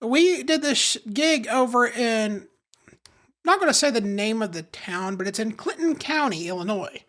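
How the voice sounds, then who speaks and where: A man, a guest comedian, chatting on a podcast, telling stories in an animated way with frequent laughs and filler words. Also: extremely high pitch, moderate pace. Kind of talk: casual podcast chat.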